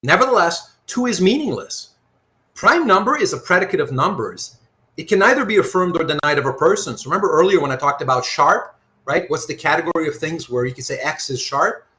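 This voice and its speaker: A man teaching a live online philosophy class, working through examples out loud and often checking that his students follow. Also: on the high side, a little fast. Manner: animated, thinks aloud with frequent rhetorical checks. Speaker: philosophy lecturer.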